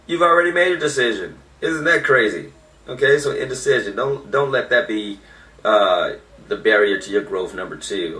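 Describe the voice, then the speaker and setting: A man's voice: lowish voice, pushed and bright, far from the mic. A man giving an informal motivational talk, emphatic and repeating his key points. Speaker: motivational speaker. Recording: echoey room, voice off-mic.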